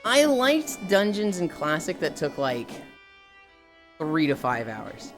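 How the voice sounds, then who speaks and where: Low-voiced woman streamer, lively and profane. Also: slow. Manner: profane, animated, laughs often. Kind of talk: casual livestream chat. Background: music.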